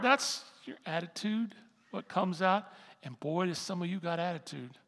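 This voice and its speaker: A man's voice: high-pitched, animated, measured pace, fairly bright tone. An older male pastor giving a conversational sermon, repeating phrases for emphasis. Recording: long hall reverb.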